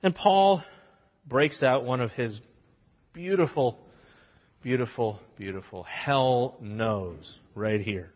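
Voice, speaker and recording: The recording is lo-fi, with a big-room sound from the church sanctuary, as a medium-pitched pastor preaches plainly and bluntly to his flock. Animated, he switches between quick voices to act out each side of an argument.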